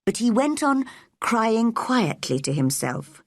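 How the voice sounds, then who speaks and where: A woman narrating a simple storybook clearly and deliberately for English learners. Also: fairly high pitch, sing-song, dry recording, studio quality.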